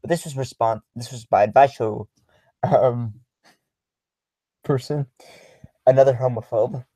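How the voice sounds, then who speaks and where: A young man talks loosely on a livestream, reacting to viewer comments. His speech is halting and full of ums, with an ordinary middle pitch. The recording is close and dry, with no room sound. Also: mellow, husky, no echo, low-quality recording. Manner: halting, many filler ums, chuckles while reading. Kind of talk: casual livestream chat.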